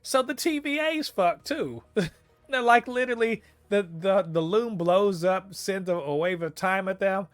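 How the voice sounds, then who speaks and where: This co-host's voice sits high and runs a little slow, recorded with no echo. Reviewing a TV episode on a casual podcast, he's animated and profane, often laughing and crying out in disbelief.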